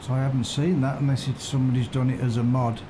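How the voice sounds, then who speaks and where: A man's voice: mid-range voice, flat delivery, fast talker. A man casually streaming a farming game, thinking aloud and chatting with viewers. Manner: musing, unsure, chats with viewers. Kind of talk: casual live-stream commentary. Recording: constant background noise.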